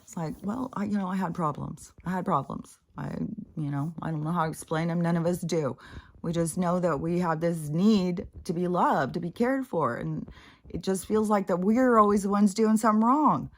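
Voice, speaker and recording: Middle-aged woman venting, lots of swearing, rambly, kinda low voice. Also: moderate pace. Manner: blunt, profane, rambling storytelling. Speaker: spiritual vlogger. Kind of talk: casual personal monologue.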